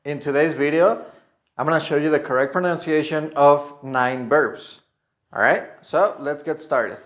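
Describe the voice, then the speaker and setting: A man teaching English pronunciation, saying each model word slowly twice and checking in with "okay?". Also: fairly high pitch, a bit bright. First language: Spanish. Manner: slow, drawn-out model words repeated twice with a checking "okay?". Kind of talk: online pronunciation lesson.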